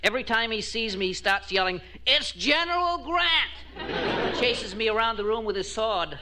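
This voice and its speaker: An actor playing a whiny, wisecracking relative in a 1950s radio sitcom. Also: male voice, sits high, steady tone, a little fast, lightly acted. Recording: hissy old radio transcription.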